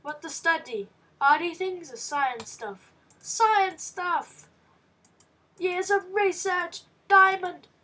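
A woman playing through a game, excitable and reading the game's text aloud with quick reactions. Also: very high-pitched, distant mic. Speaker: let's play gamer. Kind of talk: casual game commentary.

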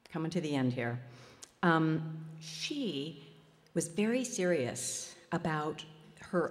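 Her voice sits low and carries a big-room sound as this festival speaker, a spiritual healer, tells a story about herself. She laughs at herself throughout in a warm, self-deprecating way.

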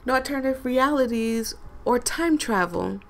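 A woman voicing a bossy, perky young woman from a game, reading her lines in a brisk, coaxing way. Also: fairly high pitch, animated.

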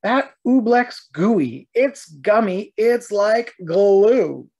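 An anxious young page boy in a storybook, as a woman reads him aloud. He pleads and warns in a lively, rising voice with a slow, careful pace. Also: mid-range voice, vocal fry, slightly rough, full character voice. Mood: alarmed. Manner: urgent, breathless warnings.

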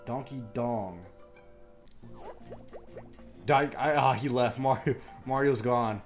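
A young man giving crude live commentary on a party video game, muttering complaints under his breath, then yelling and trash-talking the computer players. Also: mid-range voice, steady tone, slow pace, faint music behind. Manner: crude trash talk, swinging from mumbled grumbling to yelling. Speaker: gaming YouTuber.

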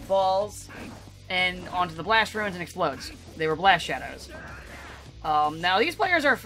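Guy with a bright voice rambling about his tabletop game, lots of ums and swearing, faint music behind. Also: on the high side. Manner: rambling, loose and profane, many fillers and restarts. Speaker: tabletop player recapping sessions. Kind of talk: casual storytelling recap.

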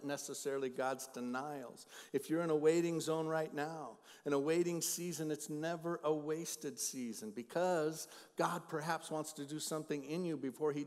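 A middle-aged male pastor preaching a sermon, shifting between loud emphatic lines and quiet storytelling. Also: fairly high pitch. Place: church sanctuary. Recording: long hall reverb.

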